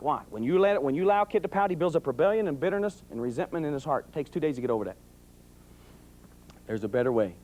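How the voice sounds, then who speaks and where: A middle-aged man giving a folksy, humorous talk on raising children, acting out voices as he tells stories. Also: high voice. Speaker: police sergeant giving parenting talk. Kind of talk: folksy talk to a live audience.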